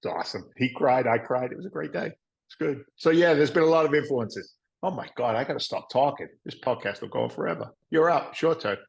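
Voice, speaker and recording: Speaking fast with a mid-range voice and vocal fry, this middle-aged man, a real estate investor guesting on a podcast, rambles candidly through stories with salty language and plenty of "right?" asides. The audio is poor.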